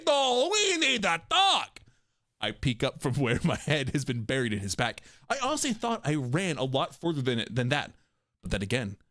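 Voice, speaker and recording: A man streaming a game, reading and reacting aloud in a jokey way, quick to laugh. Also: mid-range voice, fairly bright tone, no room sound, clean studio sound.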